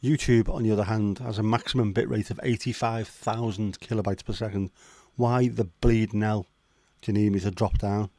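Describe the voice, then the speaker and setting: With a warm, steady and fairly low voice, the man talks at a moderate pace and hardly pauses at all, recorded dry. He's a Liverpool livestream host chatting casually with viewers, swearing, joking and throwing in asides.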